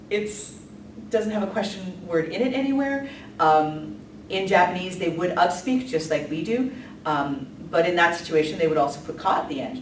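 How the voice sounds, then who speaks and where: A woman giving a casual, chatty lesson, with many ums and light laughs. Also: sits low. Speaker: language teacher. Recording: echoey room from a distance, faint noise.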